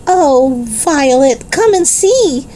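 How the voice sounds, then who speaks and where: A woman's voice: on the high side, very animated, unhurried, dark tone, slight background noise, voice pushed up. A woman playing a kind practical older girl. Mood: caring, amused.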